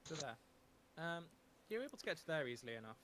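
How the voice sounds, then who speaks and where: A man's voice: on the high side, very animated, fast talker, a bit bright, slight background noise. A man narrating a tabletop game as game master, talking with many ums and restarts.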